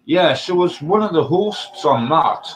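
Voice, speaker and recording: A man's voice: fairly high pitch, expressive, unhurried, slight background noise, rough recording. A man with a British accent in a casual group chat, telling stories in a meandering way.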